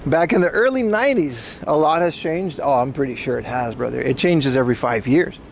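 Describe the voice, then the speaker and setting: A man's voice: medium pitch, lively intonation, brisk, gravelly, slight background noise. A Dutch man hosting a casual livestream while walking outside, rambling loosely, laughing often and talking to his chat. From Netherlands. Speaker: livestream host.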